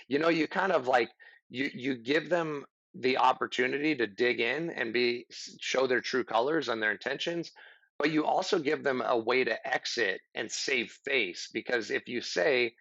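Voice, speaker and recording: Middle-aged guy rambling earnestly on a podcast, mid pitch, dead dry sound. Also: moderate pace, a bit bright, dry recording, lo-fi sound. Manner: earnest, rambling, acts out example dialogue. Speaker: podcast guest. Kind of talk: casual conversational advice.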